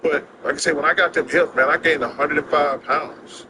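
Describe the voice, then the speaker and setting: Older man telling animated anecdotes. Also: fairly high pitch, very noisy. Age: 60s. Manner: animated, drawling anecdotes with quick laughs. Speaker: interview guest. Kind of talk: casual storytelling chat.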